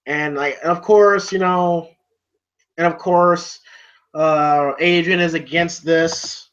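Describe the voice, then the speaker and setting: A man co-hosting a casual movie review chat. He rambles, fills every pause with "you know" and swears freely. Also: on the high side, fairly even intonation, a bit bright. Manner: rambling, heavy on "you know" fillers, profane. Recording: dull lo-fi recording.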